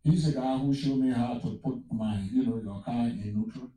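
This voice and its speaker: A man's voice: mid-range voice, normal speed, warm tone, very echoey, distant mic, rough recording. A man from Africa telling a personal testimony as a sermon, mixing storytelling with exclamations of praise. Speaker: preacher.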